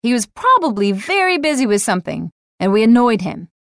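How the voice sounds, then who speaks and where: A woman's voice: a little high, big pitch swings, brisk, fairly bright tone, no room sound, clean studio sound. A woman voicing a patient, matter-of-fact father teaching his daughter a lesson. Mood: calm, wry.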